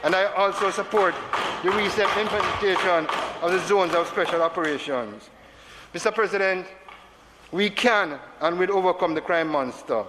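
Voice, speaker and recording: A man's voice: high-pitched, normal speed. A man with a Jamaican accent giving an emotional parliamentary speech as a senator, repeating phrases for emphasis in a large chamber. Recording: reverberant chamber with faint background noise.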